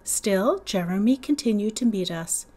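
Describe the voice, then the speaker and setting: A woman's voice: animated, normal speed. A woman, a teacher, reading a novel aloud to students, raising her voice for the children's lines. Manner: acts out the children's lines in higher, louder voices. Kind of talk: read-aloud storytelling.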